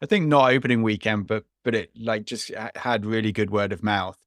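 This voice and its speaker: A man's voice: on the low side, fairly even intonation, a little fast, dry recording, studio quality. A man co-hosting a podcast, talking casually and at length about a film, with frequent restarts and small laughs. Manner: rambling, restarts often, chuckles. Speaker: podcast co-host.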